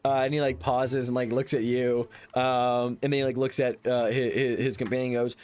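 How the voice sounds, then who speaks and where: A man's voice: medium pitch, little pitch movement, brisk, hardly any pauses, a little mellow, smooth. Rambling man narrating a game. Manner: rambling, filler-heavy narration. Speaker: game master.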